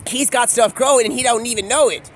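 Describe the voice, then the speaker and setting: A man's voice: very high-pitched, quick pace, a little hiss or hum. A man talking in a casual, rambling monologue, free-associating from one thing to the next in slangy speech. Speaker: video creator.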